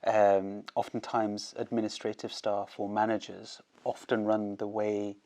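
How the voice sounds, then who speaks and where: A man who is a doctor hosting an interview, asking measured questions and giving brief affirmations. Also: lowish voice, completely flat delivery, darkish tone.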